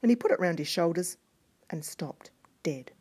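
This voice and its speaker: A woman reading a fairy tale aloud in a hushed voice that often drops to a whisper. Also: lowish voice, animated, normal speed, slight background noise. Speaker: storyteller.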